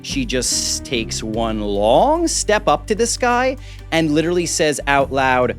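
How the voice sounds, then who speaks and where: A man running a tabletop game, narrating scenes in a lively, casual storytelling way. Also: mid-range voice, slow, faint music behind. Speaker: game master.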